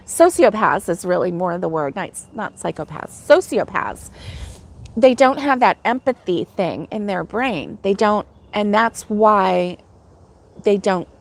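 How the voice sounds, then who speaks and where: A middle-aged American woman with a bright, chatty and giggly manner, hosting a casual livestream and talking back to viewer comments. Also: medium pitch. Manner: chatty and giggly, laughs often. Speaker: host of a crochet livestream.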